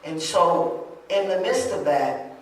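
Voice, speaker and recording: A woman preacher, moving between loud shouted preaching and low, confiding talk in a sermon. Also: animated, slow pace, a little hiss or hum. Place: church. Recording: echoey church hall, distant mic.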